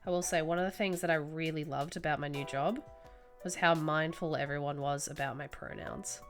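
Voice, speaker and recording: A young woman telling a story while drawing, in an animated, swearing, casual way. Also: sits low, brisk, faint music behind. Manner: animated, swears freely, acts out reactions. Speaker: streamer.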